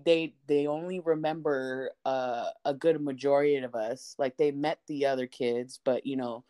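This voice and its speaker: A woman telling family stories in a casual podcast chat, animated and swearing, acting out the people she quotes. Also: a bass voice. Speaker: podcast co-host.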